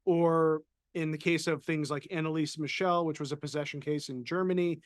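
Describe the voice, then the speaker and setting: A man's voice: fairly high pitch, steady tone, moderate pace, no echo, clean studio sound. A man co-hosting a casual podcast, chatting easily and reading out viewer questions. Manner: conversational, reads out viewer questions. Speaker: co-host, paranormal consultant.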